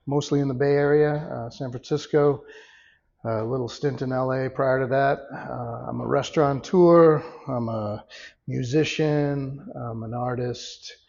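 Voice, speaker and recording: A middle-aged man with a gravelly, creaky voice, co-hosting a casual podcast. He speaks haltingly, pausing often on filler words. The sound is somewhat dull and lo-fi. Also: mid-range voice, steady tone, darkish tone. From Boston, USA. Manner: hesitant, halting, with many fillers. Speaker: podcast co-host. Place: studio.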